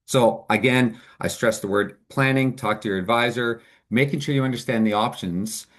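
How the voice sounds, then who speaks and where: A man's voice: medium pitch, normal speed, fairly bright tone. A man presenting as a financial advisor in a webinar, explaining options in an earnest, upbeat way.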